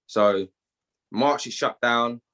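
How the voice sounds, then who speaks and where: A British man with a London accent tells a personal story as a podcast guest, animated and full of street slang. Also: mid-range voice, slow. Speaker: guest, gym owner.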